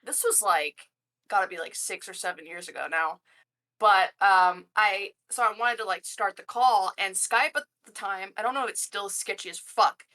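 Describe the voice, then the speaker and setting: A woman designer telling a story in casual chat, loud and crude, full of swearing and fillers, with a high-pitched snorting laugh. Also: moderate pace. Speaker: game systems designer, guest.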